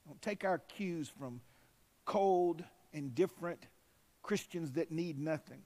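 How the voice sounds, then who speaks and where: A man pastor delivers a sermon with fervent conviction. His voice sits a little high for a man. He moves between softer asides and loud, emphatic declarations. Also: takes it slowly. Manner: fervent, rising to emphatic shouts.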